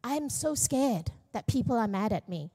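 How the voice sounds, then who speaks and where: A woman's voice: a little high, lively intonation, moderate pace, dark tone, husky. A middle-aged woman pastor giving a candid, self-deprecating personal testimony at church, with jokes mixed in. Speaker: young adults pastor.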